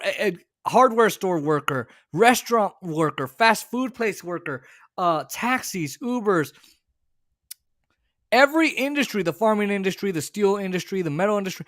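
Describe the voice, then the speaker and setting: An American man co-hosting a political commentary show, rambling and animated, breaking into shouts. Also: high-pitched, dry recording, studio quality. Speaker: co-host.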